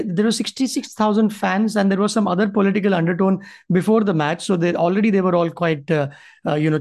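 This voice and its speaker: A man's voice: sits high, gravelly. A man with a Maharashtrian Indian English accent co-hosting a casual chat, slipping into Hindi. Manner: chatty, switches into Hindi. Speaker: podcast co-host.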